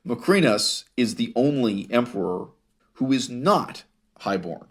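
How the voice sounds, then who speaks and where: A man's voice: mid-range voice, expressive, slightly rough. A man lecturing on ancient history, reading source passages aloud and commenting on them with wry humor and rhetorical questions. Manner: wry, laughs at his own source readings; rhetorical questions, drawn-out emphasis.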